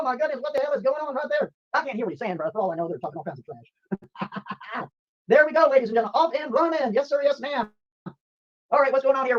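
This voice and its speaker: A man hosting a livestream, chatting rapidly and upbeat with frequent laughs. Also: very high-pitched, lo-fi sound. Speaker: livestream host. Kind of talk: excited livestream chat. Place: home streaming room.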